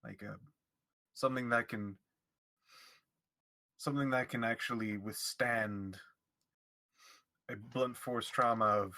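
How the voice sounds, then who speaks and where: A man's voice: mid-range voice, steady tone, slow pace, pauses often, pushed and bright. A man voicing a polite, formal adventurer in a tabletop game. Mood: earnest. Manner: formal, courteous address.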